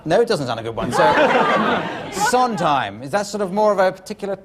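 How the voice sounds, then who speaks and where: A man's voice: sits high, very animated, a little fast, crowd noise. A man hosting an improv comedy show, giggly and flustered as he ad-libs, recorded on a live stage with a studio audience. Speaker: game show host.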